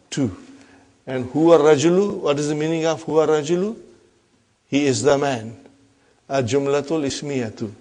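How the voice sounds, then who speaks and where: A man with a fairly high voice teaching a grammar lesson to a class. He reads example sentences slowly, repeats key terms, and keeps asking the room whether they follow. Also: darkish tone. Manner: checks understanding with frequent questions.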